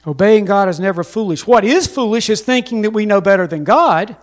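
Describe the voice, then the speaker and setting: A man's voice: high-pitched, animated, fairly quick. A man preaching a sermon as pastor, telling stories with emphasis and calling on the congregation to respond.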